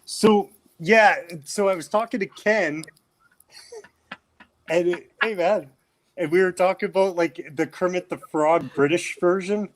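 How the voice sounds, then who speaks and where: A man co-hosting a casual podcast chat, playful and quick to laugh. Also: sits high. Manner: laughs easily, lively and playful. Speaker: podcast co-host.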